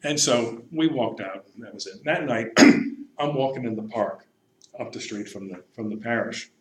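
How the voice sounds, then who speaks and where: A priest giving a lecture, telling stories in a lively way and laughing at his own tales. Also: medium pitch, moderate pace. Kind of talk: lecture with anecdotes. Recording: echoey lecture room, faint hum.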